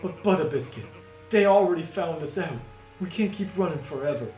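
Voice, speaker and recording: A man's voice: on the high side, expressive, fairly quick, a little mellow, close to an everyday voice. A man voicing a loyal young male Pianta henchman with earnest, tough-guy gangster talk. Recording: echoey room, music behind.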